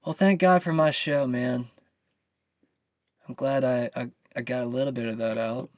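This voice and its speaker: A man's voice: mid-range voice, fairly even intonation, normal speed, no echo. A man hosting his own channel, venting about the news in a heated, profane rant. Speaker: channel host. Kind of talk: live commentary rant.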